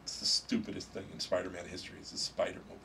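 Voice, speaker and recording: A man guest in a casual interview, retelling stories in an animated, excited way with casual swearing. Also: low-pitched, rapid-fire, vocal fry, far from the mic, noisy background. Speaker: comic book writer guest.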